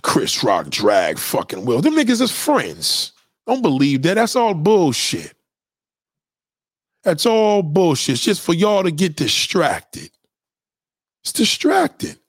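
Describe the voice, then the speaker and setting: A man's voice: fairly high pitch, huge pitch swings, slow, husky, no room sound, studio quality. A man ranting to viewers in a profane, preachy and conspiratorial way, repeating himself for emphasis. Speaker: vlogger giving opinions. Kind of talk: profane rant to camera.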